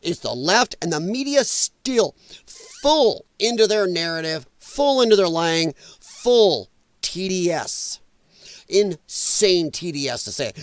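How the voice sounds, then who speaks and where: A man's voice: high voice, expressive, slow pace, no room sound. A man hosting a podcast, delivering a heated, profane political rant in an emphatic, exasperated way. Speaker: podcast host.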